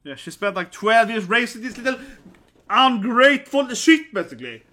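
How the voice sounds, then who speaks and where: Excitable, very bright-voiced man reacting. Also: extremely high pitch, moderate pace. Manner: laughs often, exclaims, tags lines with "right?" and "man". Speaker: reaction video host. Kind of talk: excited live reaction commentary.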